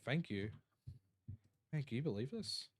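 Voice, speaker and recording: A man's voice: mid-range voice, sing-song, a little slow, noisy background. A tired Australian man chatting casually on a live stream, rambling and reading out chat messages. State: tired, yawning.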